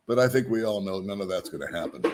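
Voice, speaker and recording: A man's voice: fairly low pitch, background noise. A man hosting his own vlog, chatting casually and loosely, with frequent ums and chuckles. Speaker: vlog host. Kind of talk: casual rambling vlog chat.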